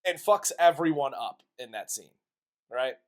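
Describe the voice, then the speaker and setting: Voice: medium pitch, lively intonation, measured pace. A co-host of a comedy movie review podcast, retelling the plot in a crude, exasperated, laughing way.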